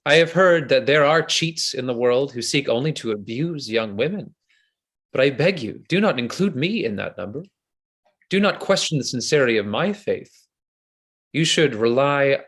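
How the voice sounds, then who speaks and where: During a video-call play reading, a man with a mid-range voice lightly acts out the role of a noble seducer. The character is flattering and insincere and makes ardent, flowery declarations.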